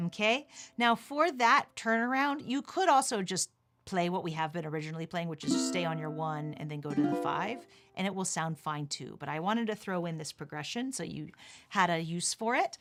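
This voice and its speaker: A woman's voice: on the low side, normal speed, over loud music. A woman teaching a ukulele lesson on a livestream, patiently explaining chords step by step. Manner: calls out chords while strumming. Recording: ukulele playing under the voice.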